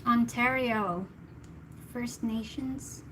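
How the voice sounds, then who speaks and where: A woman's voice: fairly high pitch, drawn-out words, a bit bright, slight background noise, low-quality recording. A woman from the Philippines, a tarot reader chatting casually with her livestream viewers in a giggly, talkative way.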